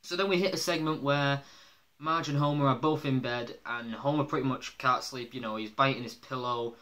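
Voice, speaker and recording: Brief: male reviewer, bright, forward tone, loose and chatty with frequent laughs and filler words. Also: mid-range voice, steady tone, normal speed. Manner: rambling, laughs often, many fillers. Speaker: episode reviewer. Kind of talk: casual spoken review.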